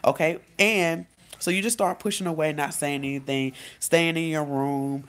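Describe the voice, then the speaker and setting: A woman life coach giving casual advice in a vlog, talking directly to her viewers in a relaxed, conversational way. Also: deep voice, normal speed. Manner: conversational, speaks straight to viewers, acts out quotes.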